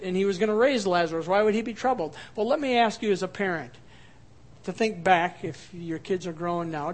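A man preaching a sermon as pastor, expressive, moving between quiet, soft passages and emphatic, louder ones. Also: high-pitched.

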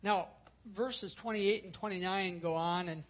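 High-voiced man preaching earnestly. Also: unhurried. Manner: earnest, explanatory, repeats key points for emphasis. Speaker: pastor. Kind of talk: expository sermon.

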